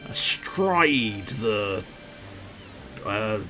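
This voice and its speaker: A male gaming streamer chatting in a jokey, rambling way and laughing often. His pitch moves in a lively way, and soft game music plays faintly underneath. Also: drawn-out words. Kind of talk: gaming livestream commentary.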